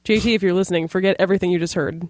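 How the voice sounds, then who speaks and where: A woman's voice: fairly low pitch, steady tone, very fast, a little mellow, dry recording, studio quality. Giggly, playful woman podcast co-host. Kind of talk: casual chat.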